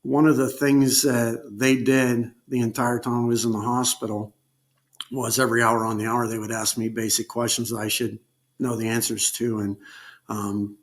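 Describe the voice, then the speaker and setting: A man recounting a personal ordeal as an interview guest, speaking haltingly with frequent pauses and filler words. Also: mid-range voice, flat delivery. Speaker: guest telling his survival story. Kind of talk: unscripted personal storytelling.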